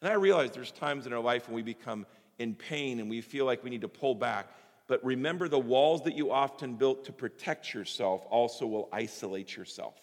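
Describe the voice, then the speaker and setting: Reverberant hall, preaching man with a swinging voice. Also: medium pitch. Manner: swings from loud emphatic preaching to hushed intimate tones. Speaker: pastor. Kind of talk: sermon.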